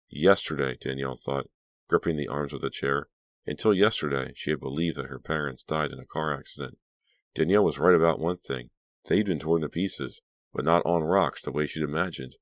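A man narrating an audiobook in a measured storytelling manner. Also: rumbling low, no room sound. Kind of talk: scripted narration.

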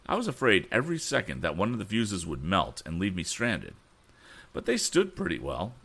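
A man's voice: sits low, huge pitch swings, moderate pace, creaky, fairly bright tone, pitched above the performer's own voice, heavily acted. A man reading the part of a modest but determined young male inventor who speaks earnestly.

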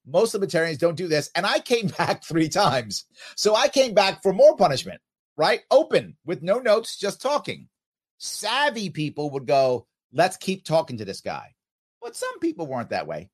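A man in his fifties, a podcast host, talking casually and reading out listener comments with emphatic, animated delivery. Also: high-pitched, normal speed, husky. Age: 50s. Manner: animated, emphatic, quotes others in exaggerated voices.

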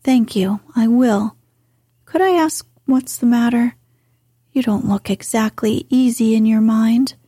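A woman voicing a frank, spirited young woman in a soft, slow whispered role-play reading. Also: fairly high pitch, slightly rough, dry recording, studio quality. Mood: coaxing.

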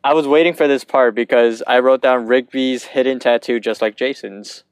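A young man with a smooth, clean voice, recorded close and dry. He co-hosts a podcast in easygoing casual chat, often restarting his sentences and filling with "like.". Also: mid-range voice, steady tone, no echo. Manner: easygoing, halting talk with restarts and "like". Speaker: podcast co-host. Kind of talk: casual episode recap chat.

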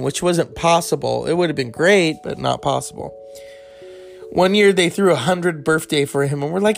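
A man telling a candid personal story in a rambling, casual way, swearing freely and adding animated asides. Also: a little high, creaky.

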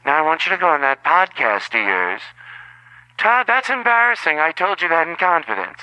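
Man doing a nagging mother, scolding, animated, dry. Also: a little high, normal speed, dry recording, muffled recording, pitched above the performer's own voice, heavily acted. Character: nagging middle-aged mother scolding her son.

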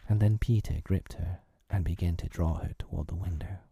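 A man reading a children's classic aloud in a soft, breathy, half-whispered storytelling voice. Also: deep voice, fairly even intonation, normal speed, no room sound.

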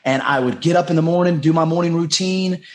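A man's voice: fairly high pitch, fairly quick. Earnest American man with a raised voice. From United States. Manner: heartfelt, repetitive, acts out quoted dialogue. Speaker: podcast guest, life coach. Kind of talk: earnest personal storytelling.

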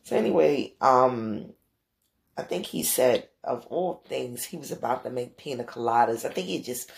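Ny lady podcaster telling a story, gravelly voice, swears a lot, animated, middle-aged. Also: normal speed. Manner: animated, profane, acts out quotes with big pitch jumps. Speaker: podcast host. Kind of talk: casual storytelling monologue.

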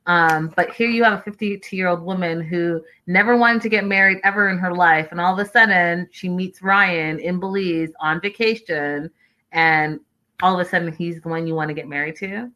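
A woman hosting a casual livestream, chatting with viewers and reacting to their comments in a lively, talkative way. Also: lowish voice, normal speed, poor audio. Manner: chatty, animated, addresses viewers as y'all. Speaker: livestream host reading chat. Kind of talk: casual reality-show recap livestream.

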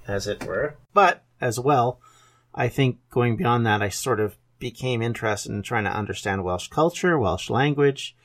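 A Canadian man in his fifties, with a lowish, fairly bright voice, opens his podcast casually. He talks about himself earnestly and at length, often correcting himself mid-thought, in a Canadian English accent.

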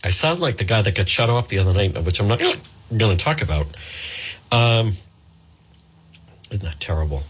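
A man's voice: on the low side, animated, moderate pace, long pauses, breathy edge. A male radio host, chatting live on air while fighting hiccups and apologizing with self-mocking humor. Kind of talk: live talk radio, casual.

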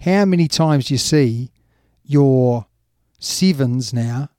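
A man's voice: medium pitch, slow pace, warm tone, dry recording, clean studio sound. A man co-hosting a casual rugby chat, emphatic and chatty, often dropping in yeah and you know. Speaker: rugby podcast co-host.

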